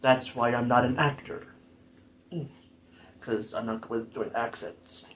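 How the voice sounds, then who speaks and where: A man's voice: mid-range voice, fairly even intonation, measured pace, fairly bright tone. Rambling man doing casual game commentary. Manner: rambling, jokey, self-deprecating. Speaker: gaming channel host.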